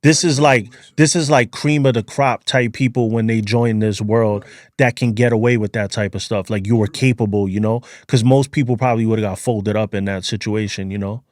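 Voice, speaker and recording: A man hosting a casual interview, asking questions and agreeing with his guest in a relaxed way. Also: fairly low pitch, brisk, few pauses, no echo. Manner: laid-back, agreeable, fills with like and you know. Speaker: interviewer, podcast host.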